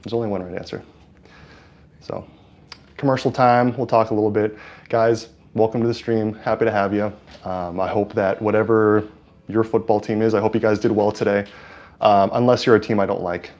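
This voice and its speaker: Fairly low and level, his voice moves at a moderate pace with a slightly mellow quality, and the recording sounds muffled. He's a Californian hosting a laid-back stream through a lapel mic, chatting and giving game commentary, filler-heavy and hesitant but fired up during plays.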